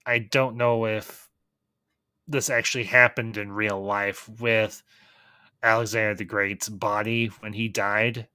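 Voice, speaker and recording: A man giving a casual, enthusiastic review of a TV series, pausing and restarting as he thinks aloud. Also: on the low side, flat delivery, bright, forceful tone, smooth, no echo. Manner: thoughtful, enthusiastic, with frequent restarts. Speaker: film reviewer.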